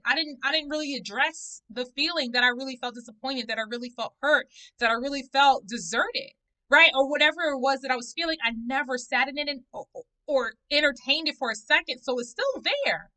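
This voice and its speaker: Woman vlogger, high and bright voice, animated, conversational, a little preachy. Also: rough recording. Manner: animated, conversational, preachy storytelling with playful asides. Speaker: vlogger reviewing a book. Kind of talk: casual personal vlog talk.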